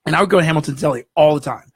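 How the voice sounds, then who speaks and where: A man, a guest in an interview, telling a story in an animated way and acting out the voices in it. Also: on the high side, racing, husky, dry recording, studio quality. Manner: animated, acts out dialogue in the story.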